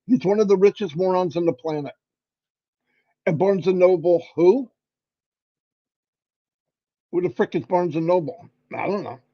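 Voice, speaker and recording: A man hosting a livestream, giving an animated, folksy motivational talk. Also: high-pitched, unhurried, long pauses, highs cut off. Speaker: livestream host.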